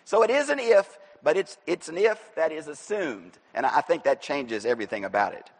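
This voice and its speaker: A man preaching an expository sermon in a church, animated and emphatic, breaking into shouts at his high points. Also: normal speed. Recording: echoey hall reverb.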